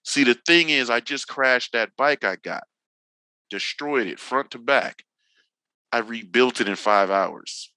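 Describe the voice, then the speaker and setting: A man's voice: mid-range voice, unhurried, pushed and bright, clean tone, dry recording, poor audio. A man in his forties from Northern California, a podcast guest chatting casually, telling slangy, profane stories and acting out what people said. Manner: loose slangy storytelling, swears freely, acts out quotes. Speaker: podcast guest, drifting veteran. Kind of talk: casual chat.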